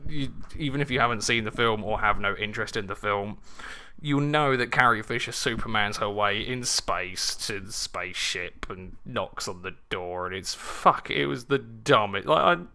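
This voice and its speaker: A man's voice: on the low side, normal speed, bright, forceful tone. A man ranting casually at home over gaming commentary, sardonic, sweary and rambling, holding his mic in his living room. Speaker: gaming channel host. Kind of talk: casual battle commentary and rant. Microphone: handheld desk mic.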